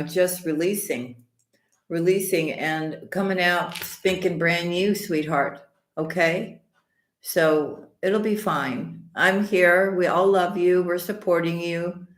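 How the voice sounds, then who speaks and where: A woman hosting a live tarot stream, greeting viewers by name and calling them sweetheart and honey, her voice slightly hoarse with the odd cough. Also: sits low. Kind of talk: casual live-stream chat and tarot reading. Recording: echoey room.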